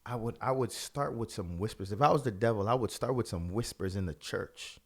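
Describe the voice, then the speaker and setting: Man, pastor, low voice, impassioned commentary, lots of restarts. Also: fairly quick. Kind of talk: religious video commentary.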